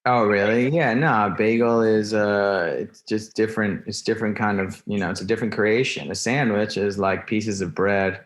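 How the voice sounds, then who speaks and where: Male guest, lowish voice, loose rambling chat. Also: fairly even intonation, normal speed, hardly any pauses. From New Jersey. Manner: rambling, many fillers and restarts, laid-back. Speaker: guest, rapper. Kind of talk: casual interview chat.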